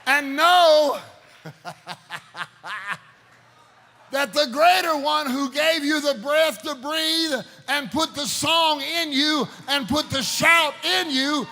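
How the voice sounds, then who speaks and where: A man preaching a live sermon, fervent and often breaking into shouts as he speaks straight to the crowd, in a large worship hall. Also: very high-pitched. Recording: long reverb in a big hall, faint ambience.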